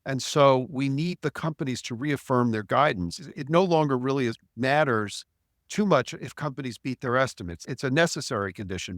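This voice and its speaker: A man's voice: mid-range voice, a bit bright, no echo, clean studio sound. A man speaking as a market strategist on a podcast, blunt and wry, with frequent restarts. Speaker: chief strategist.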